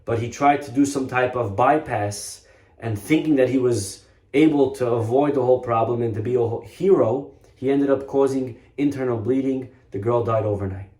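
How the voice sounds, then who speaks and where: Male rabbi, earnest storyteller, emphatic repetition, mid-pitched voice, echoey room. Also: moderate pace, warm tone. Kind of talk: storytelling sermon. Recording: roomy echo.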